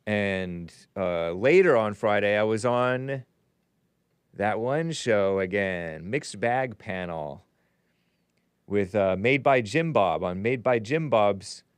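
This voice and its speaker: A man hosting a live call-in show, chatty and upbeat, breaking into loud greetings, his voice a little strained. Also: fairly low pitch, smooth, no room sound. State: voice slightly strained. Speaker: show host.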